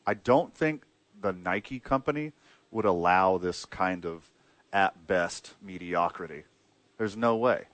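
A man's voice: sits low, takes it slowly, fairly bright tone, dry recording. A man co-hosting a casual sports chat, tossing off wry, playful one-liners. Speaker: podcast co-host.

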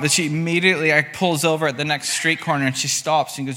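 Male pastor, conversational sermon with acted-out quotes; bright voice, long reverb of a large hall. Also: on the high side, level tone, fast, hardly any pauses.

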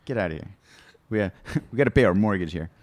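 Man, comedian guest, low voice, dry studio sound, rambling stories. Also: lively intonation, fast talker, darkish tone, dry recording. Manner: candid, rambling storyteller. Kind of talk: casual podcast chat.

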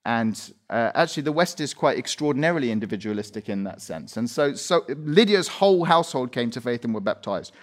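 A man preaching a sermon, retelling a Bible story with animated storytelling and acted-out quotes. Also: mid-range voice, fairly quick, few pauses. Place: church meeting room.

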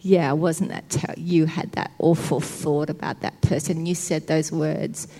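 A woman voicing the devil as a sly male tempter, speaking low and hushed with condemning words. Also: fairly even intonation, a little slow. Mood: sneering, accusing. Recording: long hall reverb.

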